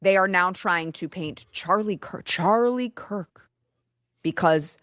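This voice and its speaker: A woman's voice: lowish voice, slow pace, fairly bright tone, no echo, studio quality. A woman in a commentary video, speaking with indignant sarcasm. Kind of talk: commentary video played on stream.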